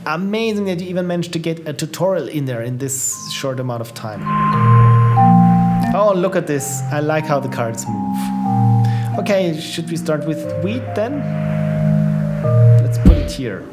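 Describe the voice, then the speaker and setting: A man's voice: a little high, animated, measured pace, pauses often, loud music behind the voice. A man casually commenting while live-streaming and trying out indie games, chatty and upbeat, reacting aloud to what he sees. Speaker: streamer playing viewers' games.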